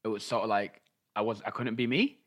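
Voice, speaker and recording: A man's voice: lowish voice, a little fast. A man in his thirties with an English accent, co-hosting a podcast in casual, camp chat with frequent swearing. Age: 30s. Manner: chatty, camp, swears freely. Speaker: podcast co-host.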